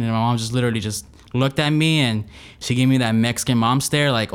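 A man's voice: medium pitch, fast, clear, resonant tone. A young man telling a funny personal story in a casual, rambling way, with lots of restarts. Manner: rambling, many restarts, animated retelling. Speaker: storyteller guest.

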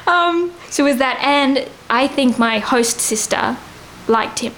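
A woman in her thirties with a high, bright pitch, chatting as a guest and spinning a rambling anecdote. She giggles constantly between lines, with a faint hiss of noise behind her. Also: a little slow, low-quality recording. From Australia. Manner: giggly, rambling, laughs often. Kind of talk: casual storytelling chat.

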